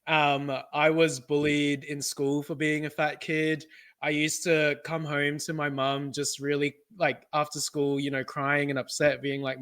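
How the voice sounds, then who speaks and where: A young man co-hosting a casual podcast chats away with personal stories, laughing often and acting out his relatives' voices. His smooth, somewhat high, slightly bright voice comes across completely flat and a little slow.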